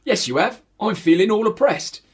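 A man doing an exaggerated Cockney geezer, cheeky and mock aggrieved, his voice swooping up and down as he leans on each complaint. It has the husky edge of a home podcast comedy skit. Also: high voice, lively intonation, normal speed, voice pushed up. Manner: exaggerated, put-on.

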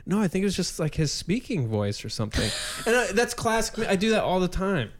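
A man's voice: sits high, lively intonation, brisk. A man co-hosting a podcast, chatting casually and telling self-deprecating stories. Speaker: podcast co-host. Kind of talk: casual chat.

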